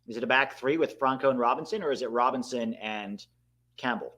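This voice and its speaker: A man hosting a live watchalong, reacting excitedly to the match and chatting to his viewers. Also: mid-range voice, a little fast. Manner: excitable, bursts out at big moments, talks to chat. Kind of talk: live match commentary and chat.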